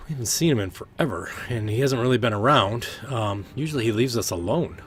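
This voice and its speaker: A man voicing a stern, towering giant princess in a tabletop game who speaks with slow, measured command. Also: mid-range voice, lively intonation, fairly bright tone, faint music behind, natural voice. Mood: calm.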